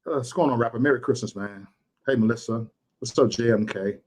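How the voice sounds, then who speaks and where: A man's voice: medium pitch, a little fast, a little mellow. A man ranting to his livestream chat, impassioned and repeating himself for emphasis. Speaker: YouTube livestreamer.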